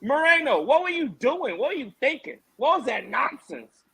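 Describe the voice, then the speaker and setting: Male podcast co-host, very high bright voice, loud animated ranter. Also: normal speed, gravelly, rough recording. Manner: animated ranting, mocking, laughing. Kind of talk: casual fight-talk podcast chat.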